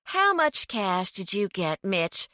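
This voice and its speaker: A woman voicing a bold captive woman who taunts and questions her captor, read slowly with a bright tone. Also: medium pitch, big pitch swings, no echo, clean studio sound, exaggerated voice. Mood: defiant. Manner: taunting, probing.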